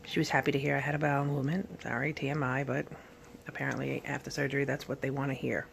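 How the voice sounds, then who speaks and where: Woman vlogger, worn out and sore after surgery, gravelly low fry, halting delivery, faint room noise. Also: level tone. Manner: halting, rambling, with many fillers and restarts. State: tired and in pain after surgery. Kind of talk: casual recovery vlog. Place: at home, sitting in bed.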